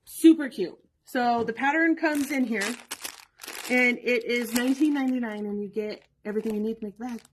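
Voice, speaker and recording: A woman's voice: a little high, brisk, slight background noise, low-quality recording. A woman hosting a shop livestream, chatting casually and playfully as she demonstrates machine embroidery. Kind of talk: livestream product demo chat. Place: sewing shop studio.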